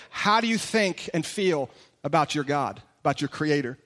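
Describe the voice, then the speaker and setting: Male pastor, high voice, conversational and emphatic, preaching in a big echoing church. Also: lively intonation, moderate pace, pushed and bright. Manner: conversational and emphatic, full of direct rhetorical questions. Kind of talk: sermon. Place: large church hall. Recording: long reverb of a large church hall.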